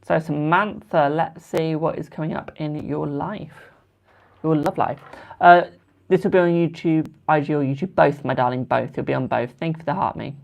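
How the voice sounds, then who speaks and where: A man's voice: a little high, moderate pace, vocal fry. A British man doing tarot readings on a live stream, chatting with viewers and calling them "my darling". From United Kingdom. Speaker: tarot card reader.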